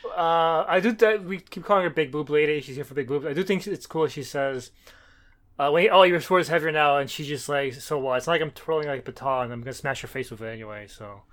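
A man co-hosting a podcast who gets excitable and stumbles over his words in casual chat. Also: on the high side, quick pace. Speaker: podcast co-host.

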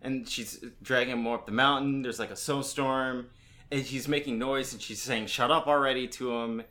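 A man retells a comic story scene by scene in a relaxed chat, quoting characters as he goes. His voice is bright and forward at a middle pitch. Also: normal speed. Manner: narrates plot steadily, quoting characters. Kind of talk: casual comic-book recap chat.

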